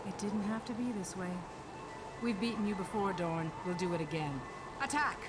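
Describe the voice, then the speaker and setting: An actress playing a scheming female bandit who speaks smoothly and persuasively. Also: mid-range voice, normal speed, lightly acted. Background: game music.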